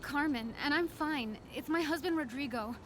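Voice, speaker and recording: An actress playing a worried wife asking a hero for help, in a video game. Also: female voice, high-pitched, normal speed, slight background noise, lightly acted. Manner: anxious, pleading. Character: worried adult woman caller, anxious wife. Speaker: game character. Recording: game audio under loud music.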